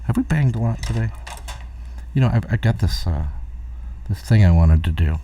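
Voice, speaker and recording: A man's voice: on the low side, expressive, moderate pace, distant mic, noisy background. A middle-aged man hosting a rambling solo live stream from home, distracted and chuckling at his own jokes. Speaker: host of a live talk stream.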